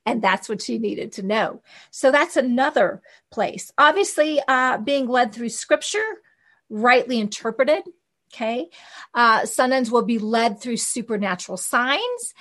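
A woman delivers an informal church teaching, her voice sitting a little high. She talks in a lively, conversational way, dropping fillers and acting out little quotes. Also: a little slow. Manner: animated, conversational, with many fillers and quoted asides. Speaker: Christian teacher on hearing God.

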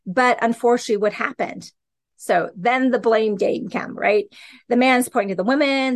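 A woman teaches scripture on her podcast in a relaxed, conversational way. She talks with animated energy and keeps checking in with her listeners. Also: fairly high pitch, moderate pace. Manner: animated, conversational, frequent "okay" and "right". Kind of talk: casual Bible teaching.

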